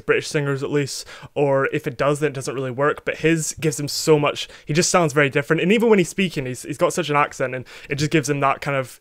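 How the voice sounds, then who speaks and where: A man's voice: on the high side, dry recording, studio quality. A young man from Scotland chatting casually as a music reaction host, rambling and self-mocking with plenty of fillers.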